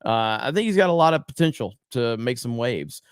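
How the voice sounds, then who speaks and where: A man hosting a live stream, reading viewer comments aloud in a relaxed, casual chat full of ums and uhs. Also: medium pitch, fairly quick, clear, resonant tone, no echo, clean studio sound. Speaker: host.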